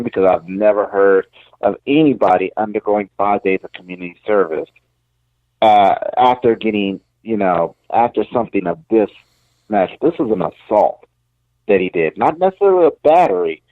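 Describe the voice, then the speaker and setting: A man co-hosting a combat sports podcast in casual chat, emphatic and quick to laugh and react. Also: on the low side, animated, dry recording. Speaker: podcast co-host. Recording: slightly dull, lo-fi sound.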